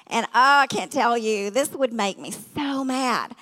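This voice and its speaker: Middle-aged woman preaching, chatty storytelling, keeps tossing in "right?", slightly high voice, big echoey hall. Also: unhurried, a bit bright. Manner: conversational, many asides and rhetorical "right?". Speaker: guest speaker. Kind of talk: storytelling sermon. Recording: reverberant hall.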